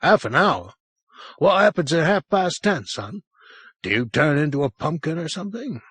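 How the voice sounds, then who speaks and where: A man's voice: fairly high pitch, very animated, moderate pace, a bit bright, husky, no echo, pitched above the performer's own voice, heavily acted. A man reading an audiobook, playing a big, tired police sergeant who talks with dry, patient teasing.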